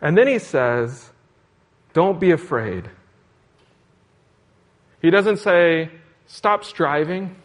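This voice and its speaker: A man's voice: on the high side, animated, very slow, long pauses. A man preaching a sermon in an earnest, repetitive cadence, asking questions as he goes. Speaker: pastor.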